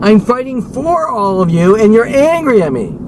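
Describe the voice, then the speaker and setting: A man's voice: sits high, big pitch swings, moderate pace. A man delivering an agitated, profane, rambling rant as a vlogger, repeating himself and swearing often. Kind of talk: unscripted rant to camera. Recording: noisy recording with vehicle sounds.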